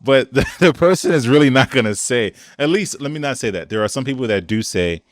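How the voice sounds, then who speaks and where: A man appears as a podcast guest, speaking a little fast in a mid-range voice, recorded at studio quality with no room sound. He tells stories in casual conversation, acting out quotes and laughing often.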